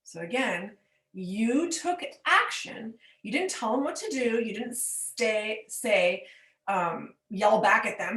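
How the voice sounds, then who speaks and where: A woman's voice: a little high, expressive, slow pace, fairly bright tone. A woman coach teaching patiently with everyday examples, checking in with the listener as she explains. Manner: checks in with "okay?". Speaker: forgiveness coach. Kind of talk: teaching monologue. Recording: roomy echo.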